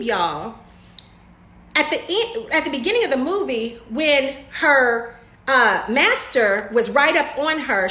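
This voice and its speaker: A woman's voice: sits high, pushed and bright, echoey room. A woman giving a motivational video talk about running a home business, emphatic and preachy, calling her viewers y'all.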